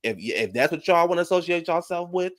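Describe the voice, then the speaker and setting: A man hosting a casual YouTube show, recapping a reality TV episode and talking to his viewers in chat, jumping into animated high voices when he quotes people. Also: fast. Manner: talks back to viewers in chat. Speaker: YouTube reaction show host.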